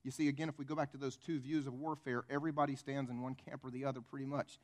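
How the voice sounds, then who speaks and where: A man's voice: medium pitch, little pitch movement, fast talker, a little mellow. A male pastor preaching a conversational sermon full of rhetorical questions and acted-out stories.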